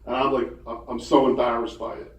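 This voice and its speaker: A man in his sixties doing stand-up storytelling, with chatty, hesitant delivery and deadpan punchlines. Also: mid-range voice, a little fast. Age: 60s. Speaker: comedian at a banquet. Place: banquet hall. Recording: echoey hall, voice far off.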